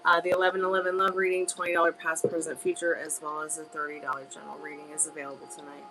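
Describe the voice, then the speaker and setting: A woman's voice: low voice, little pitch movement, racing, music in the background, low-quality recording. A woman hosting a live tarot stream, telling a rambling story in a chatty, casual way. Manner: chatty, rambling, with filler words. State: on a crutch.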